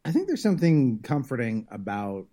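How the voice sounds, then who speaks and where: A man's voice: mid-range voice, wildly swooping pitch, moderate pace, mellow. A man chatting on a podcast in a thoughtful, explanatory way. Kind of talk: casual podcast chat.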